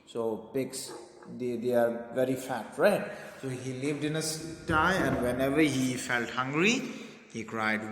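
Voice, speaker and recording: A man's voice: mid-range voice, measured pace, a bit bright. A man teaching a poem to a class, explaining simply and repeating key words. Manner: explains simply, repeats words, says okay and right often. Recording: roomy echo with long reverb.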